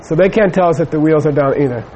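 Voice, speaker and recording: A man's voice: a little high, fast, mellow, highs cut off, slight background noise. A middle-aged man giving a Buddhist teaching, telling a personal story in a rambling way with many fillers. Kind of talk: dharma talk with personal anecdote.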